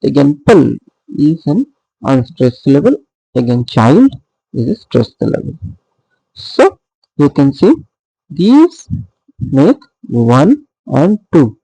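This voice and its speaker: A man's voice: medium pitch, very animated, takes it slowly, creaky, long pauses, mellow, breathy edge, dry recording, poor audio. A man teaching poetic meter in a recorded lecture, patiently repeating points and checking in with "okay". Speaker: literature teacher.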